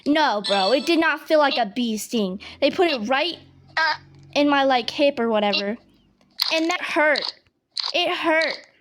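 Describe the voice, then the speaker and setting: A woman's voice: sits high, animated, unhurried, fairly bright tone. A young woman telling a casual, rambling story full of slang and fillers, with game clicks behind her. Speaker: storytime vlogger. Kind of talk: casual storytelling over gameplay. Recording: noisy home recording with clicks. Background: game mouse and keyboard clicks.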